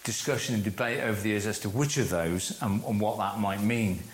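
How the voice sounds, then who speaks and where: Measured man teaching in an echoey room. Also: lowish voice. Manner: measured, slows down to stress key phrases. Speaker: course leader giving a church talk. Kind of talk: teaching talk to a group. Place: room with a live audience.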